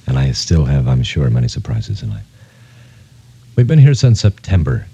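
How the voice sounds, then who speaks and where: Radio DJ, male, deep and mellow, rambling and heartfelt, on air from a studio. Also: breathy edge, low-quality recording. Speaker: radio disc jockey. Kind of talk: casual on-air radio talk. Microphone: studio microphone.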